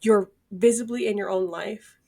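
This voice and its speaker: Female co-host, casual chat, dramatic and expressive, some vocal fry. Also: medium pitch, moderate pace. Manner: animated, dramatic, acts out her own reactions. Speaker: podcast co-host.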